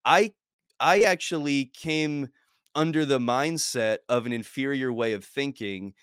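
An earnest man co-hosting a casual faith podcast. He talks emphatically and stumbles over repeated words as he starts his points. His voice is bright and forceful, recorded close and dry. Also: mid-range voice, measured pace, smooth, no echo.

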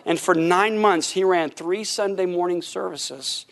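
A man's voice: high-pitched, measured pace, gravelly. A middle-aged man preaching a sermon as pastor, telling a story with acted-out voices and frequent laughter. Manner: animated storytelling, acts out voices, laughs often.

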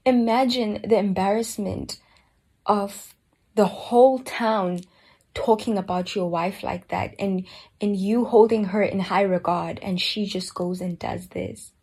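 Soft-spoken breathy woman, slow and earnest. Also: medium pitch, steady tone. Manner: slow, soft, earnest, often drops to a breathy near-whisper. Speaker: Bible study speaker. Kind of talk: reflective personal Bible talk.

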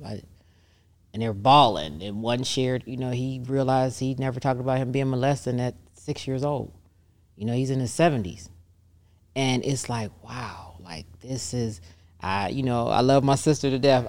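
A woman's voice: very deep voice, moderate pace, darkish tone. A middle-aged woman, a massage therapist, talks casually in an interview and animatedly acts out the voices of the people she quotes.

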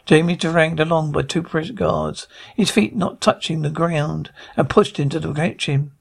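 A man's voice: fairly high pitch, normal speed, vocal fry, hardly any pauses, slightly rough. A man reading a script aloud, speaking the stage directions plainly. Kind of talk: amateur script read-aloud.

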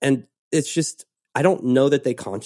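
A man in the middle of his range hosts a relaxed podcast chat. He tells stories with energy and slips into quoted voices. The sound is dry and close to the mic. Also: mid-range voice, normal speed, no room sound. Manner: animated storytelling, acts out quotes. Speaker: podcast host. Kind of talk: casual podcast conversation.

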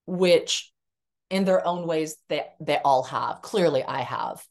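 A middle-aged woman guest with a notably low voice speaks candidly about her own life. She is earnest and emotional, and her speech is loose and conversational, scattered with fillers. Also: slow pace. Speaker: guest psychotherapist. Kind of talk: candid personal storytelling.

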